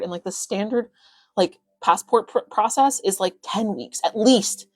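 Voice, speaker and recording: A young woman coaching on a phone live stream, rambling casually with lots of fillers and quick bursts of excitement. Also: medium pitch, breathy edge, no echo.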